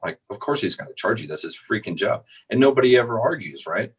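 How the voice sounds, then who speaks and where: A man's voice: fairly low pitch, expressive, quick pace, breathy edge. A married man co-hosting a sales podcast, talking emphatically and repeating words as he works out his point. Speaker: podcast co-host. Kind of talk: casual chat.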